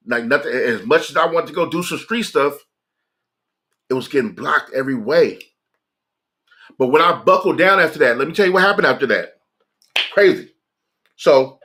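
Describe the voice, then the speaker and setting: A man's voice: medium pitch, pushed and bright. A man on a livestream telling a heartfelt personal story in a casual, earnest way, often repeating phrases for emphasis. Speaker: livestreamer sharing a personal testimony.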